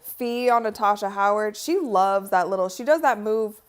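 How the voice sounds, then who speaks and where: A giggly, chatty woman calls a basketball game live for her stream, talking straight to her viewers. Her voice sits at a middling pitch, and her commentary stays loose and conversational. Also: normal speed. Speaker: live-stream watch-party host.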